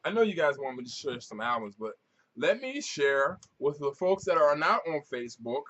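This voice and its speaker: A man, a record-collecting vlogger, telling stories to camera at home in an animated, profane way with frequent restarts. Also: fairly high pitch, normal speed, lo-fi sound, a little hiss or hum. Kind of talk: casual storytelling to camera.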